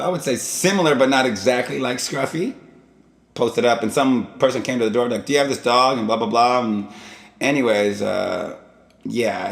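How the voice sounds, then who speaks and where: A man's voice: mid-range voice, gravelly. A man hosting his own vlog, telling stories in a casual, rambling and digressive way. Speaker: vlog host. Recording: echoey room.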